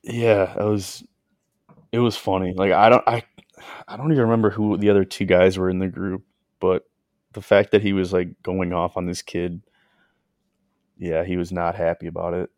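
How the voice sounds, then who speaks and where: Deep-voiced young guy rambling thru a golf story on a podcast, dry close sound. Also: level tone, moderate pace, pauses often, a little mellow, no echo. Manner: rambling, lots of "like" fillers, acts out quotes. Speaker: podcast co-host. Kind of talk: casual storytelling chat.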